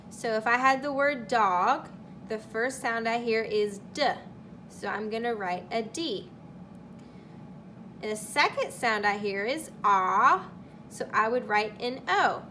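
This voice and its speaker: Slow, bright-voiced kindergarten teacher. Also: female voice, a little high, expressive, a little hiss or hum. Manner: slow, deliberate sounding-out of words. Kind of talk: recorded video lesson for young children.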